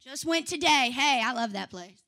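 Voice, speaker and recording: A young woman preaching a sermon, swinging from fiery shouts to chatty asides. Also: sits high, expressive, normal speed. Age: young adult.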